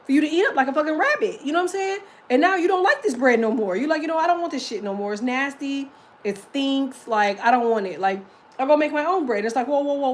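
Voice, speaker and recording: A woman giving a casual tarot reading, blunt and profane, talking in emphatic, lively rants. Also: a little high, a little hiss or hum, poor audio. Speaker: tarot reader.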